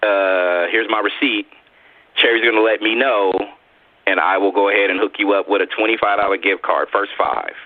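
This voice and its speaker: A man's voice: fairly low pitch, normal speed, dry recording. Joking male co-host on a tinny line. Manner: joking, hype-man, laughs often. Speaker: radio show co-host. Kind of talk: casual live radio chat.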